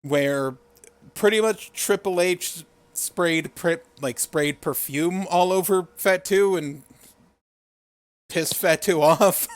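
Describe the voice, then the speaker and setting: A man's voice: a little high, slow, no echo. A man co-hosting a casual wrestling review podcast. He rambles and swears, laughs a lot, and fills his talk with "like.". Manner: rambling and profane, laughs often, heavy use of "like". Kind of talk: casual chat.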